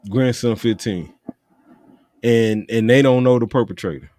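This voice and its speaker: A man hosting a podcast in a relaxed, casual way, with plenty of fillers, stopping his guest to sort out the details. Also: medium pitch, measured pace, dry recording, studio quality. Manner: laid-back with fillers, stops the guest to check details. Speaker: podcast host.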